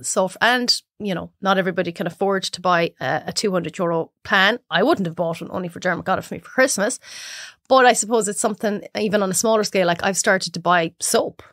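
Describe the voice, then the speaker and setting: A woman's voice: medium pitch, quick pace, no echo, clean studio sound. A young adult Irish woman, a cook and podcast guest, chatting casually and acting out other people's voices as she tells stories. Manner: animated storyteller, acts out others' voices. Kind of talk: casual chat.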